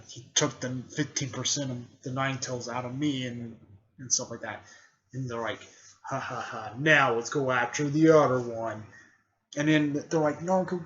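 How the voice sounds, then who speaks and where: A man's voice: medium pitch, a bit bright. A man recapping a story in a casual, rambling way, with loose phrasing and plenty of filler words. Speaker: video creator recapping a fan story. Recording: dull lo-fi recording.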